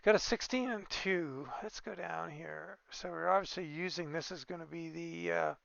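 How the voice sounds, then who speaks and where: A man's voice: on the high side, normal speed, creaky, fairly bright tone, no room sound, highs cut off. A man giving easygoing, casual commentary on a truck-building game, thinking aloud with fillers and small exclamations. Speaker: gaming video creator.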